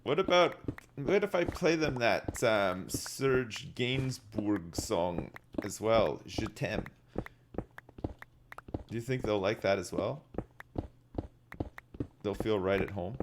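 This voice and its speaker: Slow-talking man joking with chat. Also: fairly low pitch, lively intonation, background noise. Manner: joking, rambling, talks to chat. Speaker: livestreamer. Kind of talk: casual live-stream chat while gaming. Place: home gaming setup.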